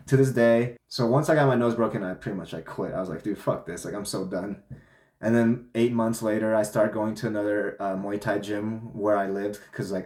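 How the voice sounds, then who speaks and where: A man's voice: on the low side, a little mellow. A young man vlogging, telling a personal story in a loose, candid way, swearing and filling with "like". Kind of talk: casual storytelling monologue. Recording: echoey room.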